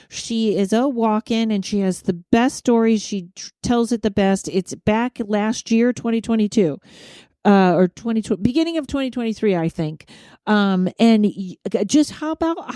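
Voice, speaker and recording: Chatty woman hosting with a mellow voice. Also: medium pitch, dry recording, clean studio sound. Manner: chatty, self-mocking, laughs often. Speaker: podcast host. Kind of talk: casual chat.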